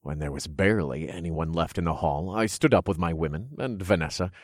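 A man with a very low voice reads a first-person fantasy novel in a steady, measured way. The mic is close and the recording is dry, with no room sound. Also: dry recording. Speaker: audiobook narrator.

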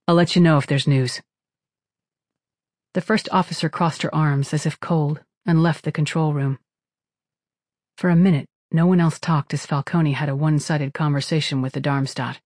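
A narrator reading a science fiction novel in steady, even scripted narration. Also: mid-range voice, moderate pace, no echo, studio quality. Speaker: audiobook narrator.

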